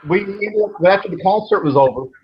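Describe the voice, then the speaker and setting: A man in his thirties spins long, meandering stories with a laid-back ease and a habit of swearing. His voice sits a bit high for a man. The recording is dull and lo-fi, with a faint noise underneath. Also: expressive, a little fast. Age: 30s. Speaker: show host. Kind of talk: casual storytelling chat.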